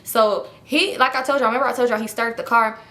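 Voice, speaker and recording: A young woman telling a personal story in a casual, animated way, swearing freely and talking straight to her viewers. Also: on the high side, fast talker. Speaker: storytime vlogger.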